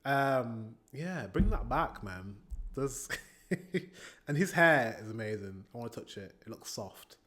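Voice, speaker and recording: Slow-talking, animated British man. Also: mid-range voice. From Britain. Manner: chatty, laughs often, rambling asides. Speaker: YouTube music reactor. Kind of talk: casual reaction commentary. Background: faint pop music playing.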